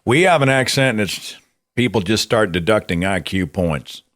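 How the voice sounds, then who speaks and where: A man from Oklahoma, USA, with an Oklahoman accent, hosts a casual call-in show. He's animated and laughs easily, and his pitch jumps up whenever he makes a point.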